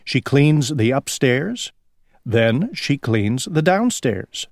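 A man reading a children's story aloud slowly for English learners, drawing words out. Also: mid-range voice, no echo, clean studio sound. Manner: slow, lively, drawn-out reading. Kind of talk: slow storybook read-aloud.

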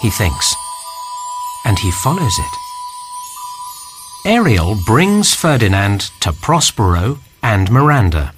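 Slow low-voiced male storybook narrator. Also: big pitch swings, music in the background. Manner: slow and clear. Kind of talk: graded reader narration.

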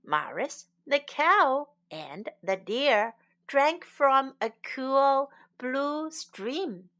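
Woman storyteller, high lively voice, slow clear children's book reading.

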